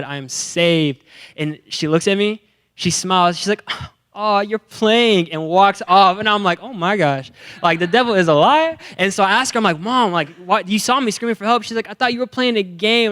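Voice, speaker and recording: A young man preaching a youth sermon, telling a funny story and acting out the dialogue in lively voices. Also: on the high side, clean tone. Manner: animated, acts out dialogue in story. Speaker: youth pastor.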